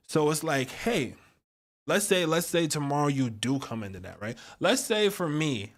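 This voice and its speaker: A man's voice: mid-range voice, fairly bright tone. A man giving a casual tarot reading on a live stream, chatty and slangy, talking straight to his viewers and laughing often between thoughts. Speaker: astrologer and tarot reader.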